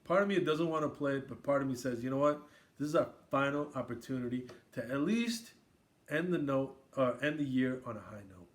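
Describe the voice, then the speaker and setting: A man's voice: mid-range voice, a little fast. A man from Queens hosting a casual sports podcast, riffing and raising toasts. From Queens, New York. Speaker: podcast host.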